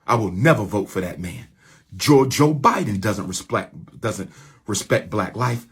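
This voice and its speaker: Very husky man giving a rallying speech. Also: lowish voice, big pitch swings, unhurried. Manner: preachy, repetitive call-and-response phrasing. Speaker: activist speaker addressing his followers. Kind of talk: impassioned rallying address.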